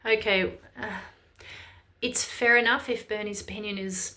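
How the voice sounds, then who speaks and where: A woman's voice: medium pitch, steady tone, unhurried, pushed and bright. A woman with an Irish accent giving heated, emphatic, exasperated political commentary in a ranting video. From Ireland.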